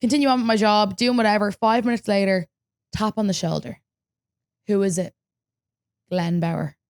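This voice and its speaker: A young Irish woman hosting a podcast, telling a story in casual chat, lively and swearing freely as she acts out what people said. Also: mid-range voice, moderate pace. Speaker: podcast host.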